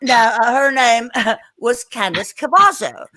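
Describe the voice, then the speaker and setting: A woman singer, a podcast guest, telling an animated story. She is emphatic, swears she is telling the truth and repeats words as she starts her sentences. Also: a little high, slow, no echo, low-quality recording.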